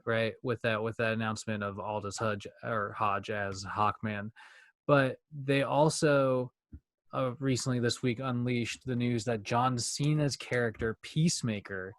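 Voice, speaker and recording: A young man co-hosting a podcast in casual chat, talking fast and rambling, with plenty of swearing. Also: medium pitch, steady tone, no room sound. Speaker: podcast co-host.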